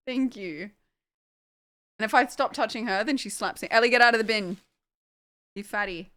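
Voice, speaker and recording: A woman's voice: on the high side, measured pace, long pauses, fairly bright tone. A young woman casually chatting on a livestream at home, distracted by her dogs, swearing and laughing.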